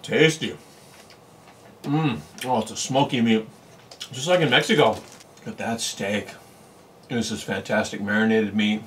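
A man's voice: on the low side, fairly even intonation, a little slow, long pauses, fairly bright tone, slight background noise. A man from California casually talking through a meal for his food vlog, savoring each bite with lots of pleased sounds. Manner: chatty, savoring bites with lots of mm and oh. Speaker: food vlogger. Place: home in Japan.

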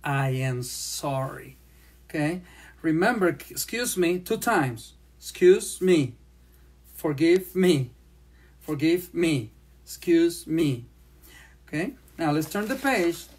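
Slow-paced sign language teacher. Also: medium pitch, lively intonation, darkish tone, husky. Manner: speaks slowly, repeats phrases while demonstrating signs. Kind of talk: slow classroom lesson.

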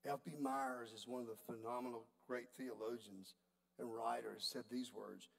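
A man preaching a sermon, telling a story in a folksy, animated way. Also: mid-range voice, normal speed, vocal fry. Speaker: pastor.

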